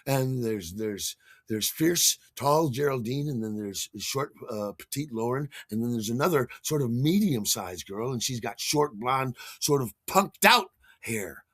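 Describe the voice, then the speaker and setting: A man's voice: medium pitch, lively intonation, measured pace, a bit bright, dry recording, studio quality. A man telling a personal story in an enthusiastic, theatrical way as a podcast host, scatting rhythms along the way.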